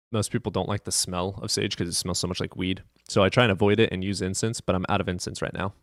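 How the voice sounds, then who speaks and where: Male stream host at a home desk: loose, profane storyteller, low pitch, dry desk mic. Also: a bit bright, no room sound. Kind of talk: casual live-stream chat.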